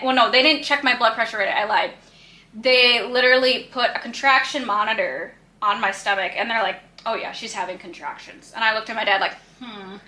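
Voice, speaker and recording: Young woman swearing thru a story, bright voice, echoey room. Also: fairly high pitch. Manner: blunt, swears freely, acts out quoted voices. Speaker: podcast co-host. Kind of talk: casual storytelling.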